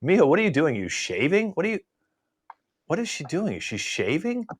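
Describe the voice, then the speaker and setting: An older man hosting a live improv comedy show over a video call, playing an exasperated professor who scolds his class with rapid questions. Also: fairly high pitch, wildly swooping pitch, husky.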